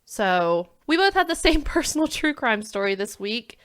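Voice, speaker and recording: A woman's voice: on the high side, very animated, moderate pace, a bit bright, clean tone, dry recording, studio quality. A woman hosting a true crime podcast, opening the show with upbeat, chatty small talk. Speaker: podcast host. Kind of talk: casual chat.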